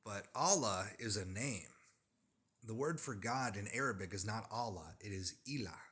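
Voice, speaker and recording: A man's voice: on the low side, expressive, moderate pace, a bit bright. A man delivering an emphatic religious monologue, insistent and lecturing, repeating his points for emphasis. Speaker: religious commentator.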